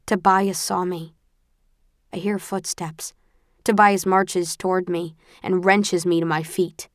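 A woman narrating a first-person audiobook with a tense, expressive storytelling manner. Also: on the low side, slow, dry recording, studio quality.

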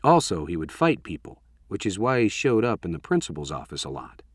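A man's voice: low-pitched, sing-song, fairly quick, no echo, clean studio sound. A man narrating a first-person story in a wry, conversational way.

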